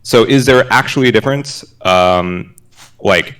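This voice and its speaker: A man hosting a casual podcast among friends, soft-spoken and laid-back, swearing freely. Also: lowish voice, unhurried, smooth. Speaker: podcast host.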